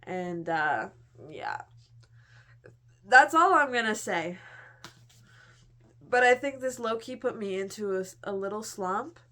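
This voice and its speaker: A woman's voice: medium pitch, animated, slow pace, pauses often, pushed and bright, a little hiss or hum. A young woman in a casual book review chat, gushing and chatty, filling her talk with "like". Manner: gushing, chatty, heavy use of "like".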